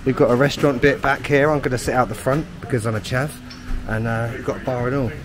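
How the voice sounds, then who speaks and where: A London man in his thirties with a London accent talks fast in a medium-pitched, fairly even voice, with music playing behind him. As a travel vlogger he chats cheekily and self-mockingly to camera on trains, on streets and in a chip shop.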